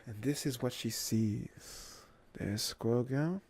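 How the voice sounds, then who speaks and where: An ASMR storyteller reading a comic aloud softly, often slipping into whispers and making chatty asides. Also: mid-range voice, takes it slowly, a little hiss or hum.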